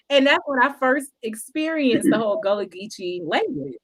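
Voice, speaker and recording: A woman's voice: a little high, lively intonation, normal speed, fairly bright tone. A woman from South Carolina, a guest telling stories in a casual chat and laughing often.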